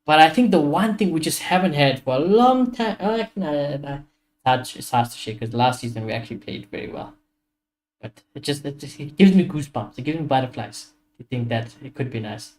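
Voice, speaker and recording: A man's voice: a little high, animated, brisk, slight background noise. A young man, ranting animatedly and swearing as he hosts a casual football watchalong stream. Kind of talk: casual live-stream chat.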